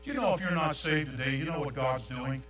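An older man, preaching a sermon with folksy, animated storytelling. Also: on the high side, a little fast, distant mic. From New York. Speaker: pastor. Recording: echoey room, dull sound, mains hum.

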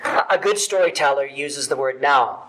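A male pastor preaching a sermon with emphatic, animated delivery and big swings in loudness. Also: medium pitch, moderate pace, noisy background.

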